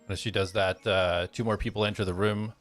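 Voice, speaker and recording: Low-voiced man narrating as game master. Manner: loose, filler-heavy narration.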